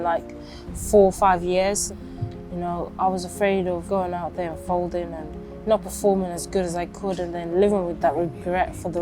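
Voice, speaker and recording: A woman, casually telling her own story in an interview. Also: lowish voice. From London, England. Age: 20s. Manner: casual, chatty, acts out quotes lively. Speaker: interviewee, boxer. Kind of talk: reflective personal storytelling.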